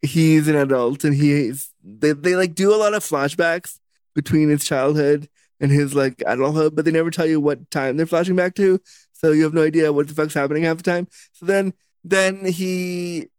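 A man's voice: fairly high pitch, fairly even intonation, moderate pace, darkish tone, smooth, no echo. A man casually recapping a film with jokes and swearing, in a rambling chat.

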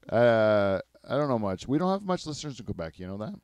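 A man hosting a podcast in casual, rambling chat, self-mocking and quick to laugh. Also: on the low side, darkish tone, smooth, no echo. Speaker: podcast host.

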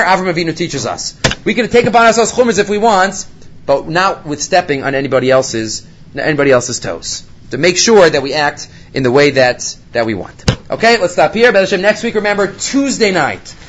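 High, animated man teaching a Torah class. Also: fairly quick, highs cut off, slight background noise. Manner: animated, asks rhetorical questions and answers them; mixes Hebrew study terms into English. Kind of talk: Torah study lecture.

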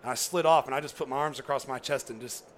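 A man, a former pro football player, telling an animated hunting story, laughing and acting out what others said. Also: mid-range voice, fast, a crowd in the background. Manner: excited, laughing, acts out quoted voices.

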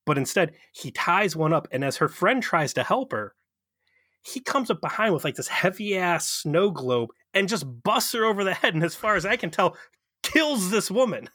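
A young adult man co-hosting a podcast, casually recapping an episode with profane, animated storytelling. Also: high-pitched, moderate pace, breathy edge, dry recording, studio quality. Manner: profane, animated storytelling with mocking quoted voices. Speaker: podcast co-host.

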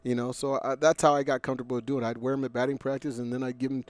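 Male guest, former player, mid-pitched, emphatic and sincere, dry close-mic sound. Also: flat delivery, rapid-fire, no echo. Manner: earnest, emphatic, repeats himself. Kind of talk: casual chat.

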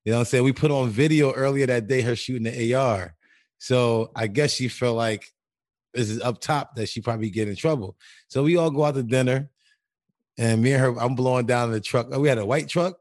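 A man hosts a podcast and tells loud, profane stories. His voice sits mid-range and sounds dry and close to the mic. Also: medium pitch, brisk, no echo. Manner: loud storytelling, profane, laughs often. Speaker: podcast host. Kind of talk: casual chat.

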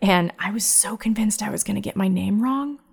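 A woman's voice: medium pitch, vocal fry, husky. A woman telling a personal story in conversation, candid and reflective, often stopping and repeating words as she speaks. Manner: halting, restarts and repeats words.

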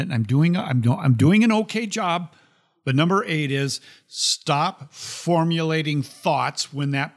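Gravelly man giving animated teaching talk. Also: mid-range voice. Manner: animated, laughs often, repeats phrases for emphasis. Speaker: podcast host.

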